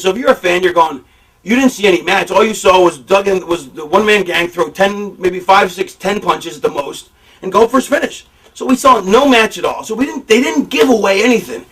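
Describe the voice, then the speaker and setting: A man's voice: sits high, distant mic, low-quality recording. A man in a shoot interview explaining wrestling booking, swearing freely and acting out fans' reactions. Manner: profane, animated, acts out fan reactions. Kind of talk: shoot interview, casual storytelling.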